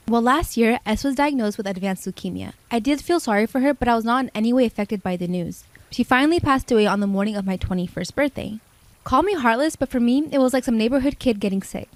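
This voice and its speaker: A woman in her twenties reads a confessional story quickly and steadily. Her voice is fairly high and recorded dry. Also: no echo. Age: 20s.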